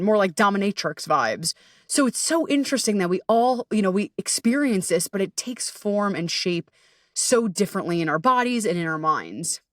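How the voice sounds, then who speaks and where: A woman's voice: mid-range voice, moderate pace, no echo, clean studio sound. A woman hosting her own podcast as an anxiety coach, talking in a chatty, candid way, swearing freely and acting out inner voices. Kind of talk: casual solo podcast monologue.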